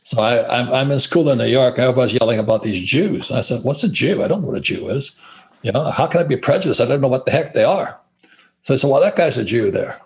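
Profane, husky older man telling stories. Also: mid-range voice, fast. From Hawaii. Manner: profane, animated storytelling, laughs while talking. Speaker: guest. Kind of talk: blunt casual interview talk.

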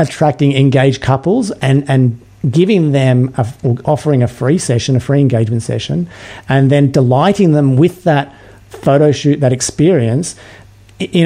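An Australian man speaking as a podcast guest, his voice mellow and warm. He talks eagerly and persuasively, often repeating words as he gets going. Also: a little high. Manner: enthusiastic, persuasive, frequent word repeats. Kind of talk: casual interview chat.

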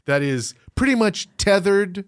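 Man, casual podcast co-host, wry deadpan quips, very animated intonation, dry close sound. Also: sits high, unhurried, no room sound. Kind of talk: casual chat.

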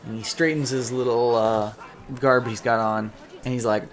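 A man's voice: mid-range voice, steady tone, moderate pace. A man narrating a tabletop game as game master, chatty and laughing often.

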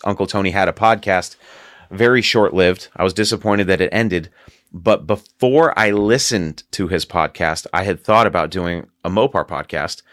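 A man's voice: deep voice, fairly bright tone, no echo, studio quality. A man hosting a casual podcast, telling a long story in a rambling way and laughing often. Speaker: podcast host.

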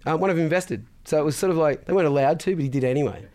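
A man's voice: on the high side, rapid-fire, darkish tone. A man, a guest in a casual interview, telling stories bluntly and swearing freely. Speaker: podcast guest, business founder.

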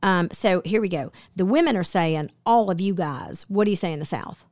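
A woman's voice: fairly low pitch, moderate pace, darkish tone, dry recording. A woman co-hosting a casual radio talk show, chatty and teasing as she quizzes her co-host.

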